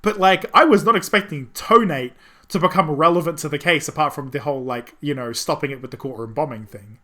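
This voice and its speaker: A man's voice: on the high side, a little fast, bright, forceful tone. A man streaming a courtroom game, chatting casually, swearing freely and laughing often.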